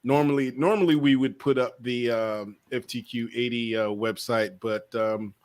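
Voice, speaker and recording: A man's voice: medium pitch, fairly even intonation, normal speed, a little mellow. A man hosting a casual livestream chat, rambling with lots of fillers and trailing asides. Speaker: podcast host.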